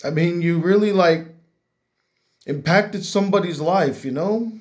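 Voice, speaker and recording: Speaking from the heart to camera, a young YouTube critic addresses his viewers earnestly and thoughtfully, often repeating words while he sorts out his ideas. His voice is high-pitched and a little slow.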